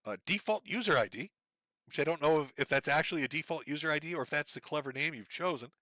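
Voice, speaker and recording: A man reading out donation messages on a casual livestream, sardonic and profane, with a deadpan delivery. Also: fairly high pitch, quick pace, no echo, studio quality.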